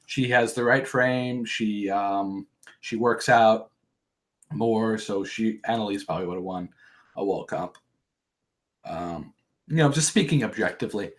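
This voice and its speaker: A man's voice: on the low side, unhurried, long pauses. A man hosting a podcast, casually recapping a reality show in a rambling, profane way with joking asides. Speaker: podcast host.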